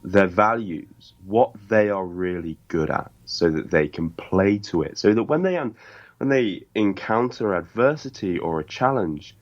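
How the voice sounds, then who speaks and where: A man's voice: lowish voice, animated, measured pace, lo-fi sound. A man with a British accent, a life coach speaking in an interview in an emphatic, earnest, motivational way. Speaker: podcast host and life coach guest. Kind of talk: interview conversation.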